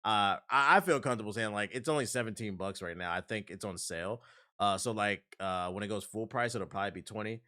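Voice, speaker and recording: A male game streamer giving casual gaming commentary, excitable and profane, with loud outbursts. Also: lowish voice, fast talker. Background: game music.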